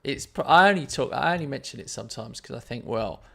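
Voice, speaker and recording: A man's voice: medium pitch, lively intonation, quick pace, gravelly, fairly bright tone. A man telling a story in casual chat on his live stream, rambling and self-deprecating.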